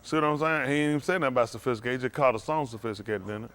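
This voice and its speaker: A man hosting a casual trivia game, joking with the teams and getting animated when he argues his point. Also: racing. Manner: animated, jokey, rising to high exclaims. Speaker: quiz host.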